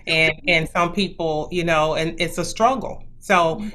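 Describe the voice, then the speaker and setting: A woman's voice: low voice, steady tone, a little slow, pushed and bright, slight background noise. A woman hosting an interview, asking loose, supportive questions with fillers. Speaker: talk show host. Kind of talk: interview conversation.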